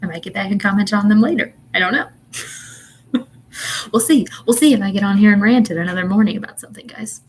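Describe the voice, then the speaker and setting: A woman's voice: mid-range voice, fast talker, slight background noise, rough recording. A young woman, a mother, ranting in a casual livestream chat, exasperated and chatty with lots of ums and laughs. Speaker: vlogger and mother.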